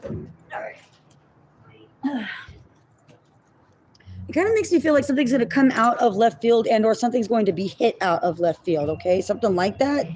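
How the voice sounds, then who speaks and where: A woman's voice: a little high, animated, moderate pace, long pauses, darkish tone, slight background noise, poor audio. A woman giving a casual tarot reading to her viewers, chatty, thinking aloud and laughing at herself as she goes. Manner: addresses viewers as y'all and my loves. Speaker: tarot reader.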